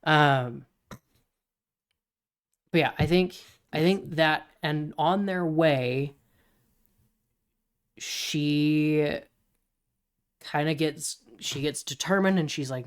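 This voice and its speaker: Podcast co-host, casual brainstorming, rambling, frequent restarts, mid-pitched voice. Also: extremely slow, pauses often, clean tone. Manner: rambling, lots of restarts while pitching story ideas.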